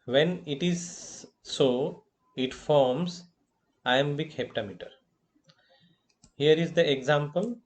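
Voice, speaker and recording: A male college professor with an Indian English accent giving a lecture, deliberate and halting, with fillers and self-corrections. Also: a little high. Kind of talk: slow lecture on poetic meter.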